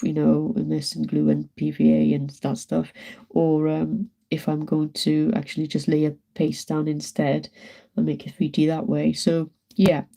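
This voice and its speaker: A woman's voice: low-pitched, creaky, dark tone. A woman with a British accent, chatting casually to viewers on a live stream from home while she paints, greeting and thanking them by name. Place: at home, indoors.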